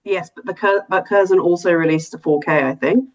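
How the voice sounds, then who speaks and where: A woman's voice: fairly low pitch, a little fast. Woman, bubbly, self-correcting, muffled lo-fi sound. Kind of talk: casual film review chat.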